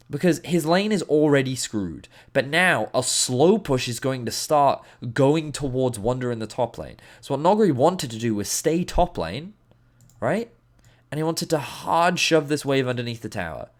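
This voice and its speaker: Animated man breaking down game footage. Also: mid-range voice. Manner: animated, emphatic, playful asides. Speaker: esports analyst. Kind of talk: game review commentary.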